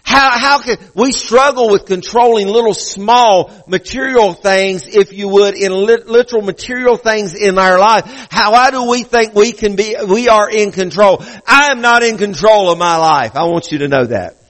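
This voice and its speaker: A man's voice: high-pitched, moderate pace, few pauses, a bit bright, rough recording. A male pastor preaching a sermon in a conversational way, often restarting and repeating phrases.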